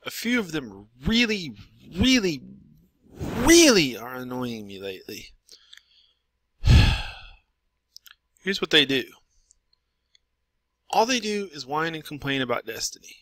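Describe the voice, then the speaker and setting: A man's voice: fairly high pitch, very animated, takes it slowly, long pauses, a bit bright, no room sound. A man giving an exasperated, repetitive ranting monologue as a gaming commentator.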